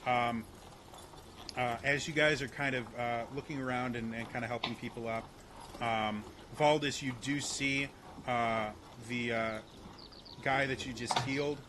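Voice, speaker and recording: A man narrating as game master in a laid-back, halting way. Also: mid-range voice, fairly even intonation, noisy background.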